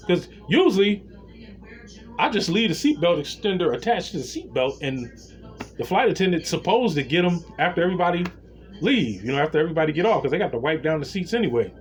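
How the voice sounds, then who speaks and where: A man telling a story in a casual rant, blunt and slangy, with lively retellings. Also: on the high side, a little fast, soft background music.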